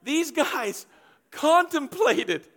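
A man with a bright, high voice preaches a sermon. He tells the story casually and jokes as he goes, slipping into little character voices for a line or two. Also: sing-song, creaky. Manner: humorous storytelling, acting out characters in quick asides. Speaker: pastor.

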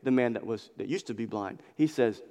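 This church preacher has a warm, medium-pitched voice and talks a little fast. His expository sermon is passionate and emphatic, with repeated phrases, echoing through the long reverb of a large hall.

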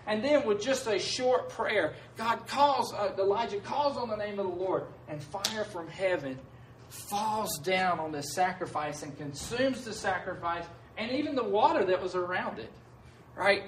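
A man's voice: fairly bright tone, slight background noise. A male pastor preaching a sermon in a conversational way, often tagging "right?" onto his points and acting out the voices he quotes. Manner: acts out quoted voices with rising pitch. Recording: roomy sound from a distance, faint background.

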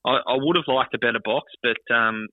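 A man co-hosting a casual greyhound tips chat, talking in quick, halting bursts and repeating words. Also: medium pitch, no echo. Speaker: greyhound racing tipster co-host. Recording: tinny phone line.

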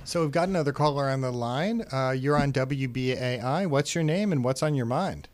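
A man's voice: mid-range voice, normal speed. A man hosting a call-in radio show, conversational as he interviews an author and takes callers. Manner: conversational, plugging the call-in number. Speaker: radio host.

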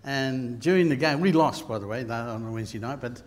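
A man's voice: medium pitch, brisk. Aussie preacher guy telling stories, big hall reverb, voice in the middle range. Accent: Australian. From Queensland, Australia. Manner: storytelling, rising to loud bursts. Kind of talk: sermon.

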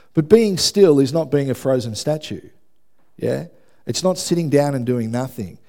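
Gravelly, mellow-voiced pastor. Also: male voice, medium pitch. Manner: conversational, often checks in with "yeah?". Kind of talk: sermon.

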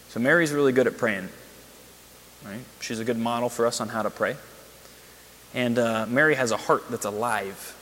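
A man giving a parish talk on prayer, telling candid stories with lively quoted asides and laughs. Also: mid-range voice, slight background noise. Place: church or parish hall. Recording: long hall reverb.

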